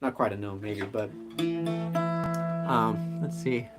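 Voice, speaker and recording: A man's voice: on the low side, fairly even intonation, takes it slowly. Casting: male live-stream storyteller, rambling, casual ad-libbed narration, guitar underneath. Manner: rambling, filler-heavy, loose.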